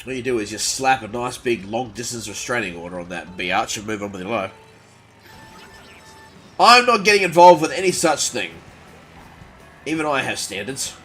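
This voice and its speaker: A man's voice: mid-range voice, normal speed, long pauses, faint music behind. A man chatting casually on a gaming livestream, rambling and joking as he plays. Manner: animated, rambling and jokey. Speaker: gaming streamer.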